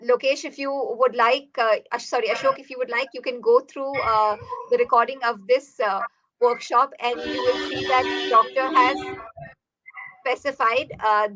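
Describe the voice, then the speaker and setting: A woman's voice: on the high side, bright, forceful tone, no room sound, rough recording. A woman, politely reading parents' questions to a doctor with frequent "uh" fillers as a workshop moderator. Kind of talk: moderating an online Q&A.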